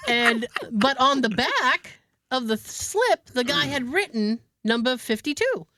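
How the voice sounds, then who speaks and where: A woman podcast host telling an animated story in casual chat, laughing often. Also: high-pitched, slow.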